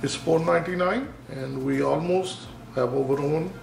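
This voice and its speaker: Male cooking host, higher pitch, careful instructive delivery narrating each step; roomy kitchen sound with light background noise. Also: normal speed, creaky. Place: home kitchen. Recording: echoey room with faint noise.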